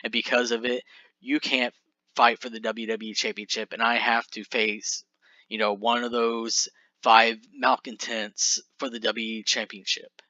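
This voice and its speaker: A man's voice: mid-range voice, little pitch movement, unhurried, pushed and bright, dry recording. A man voicing a bitter, fed-up male wrestler who rants at his tag partner, in a dull, dry recording. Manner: aggrieved, ranting.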